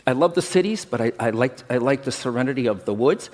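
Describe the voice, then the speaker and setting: A man's voice: medium pitch, animated, fast talker, a little mellow. A middle-aged man, a medium, gives a chatty conference talk and keeps checking in with the audience. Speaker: medium teaching a workshop. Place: large conference hall. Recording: long reverb of a big hall.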